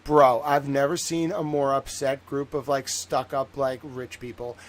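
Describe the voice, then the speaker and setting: A man in his 30s from Massachusetts hosts a rambling livestream monologue with boastful, joking bursts, swinging from muttering to excitement. His medium-pitched voice is unhurried with few pauses, and the audio is poor.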